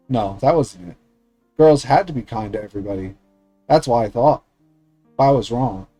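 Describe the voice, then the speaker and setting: Mellow-voiced man reading a visual novel. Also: medium pitch, no echo, rough recording. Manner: steady, earnest reading with small slips. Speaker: streamer.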